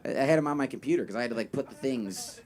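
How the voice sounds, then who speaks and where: A man's voice: medium pitch, rapid-fire, a little mellow. A young man performing a stand-up set, telling a loose, rambling story full of fillers and swearing. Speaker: stand-up comedian. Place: live comedy venue with audience. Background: audience laughter.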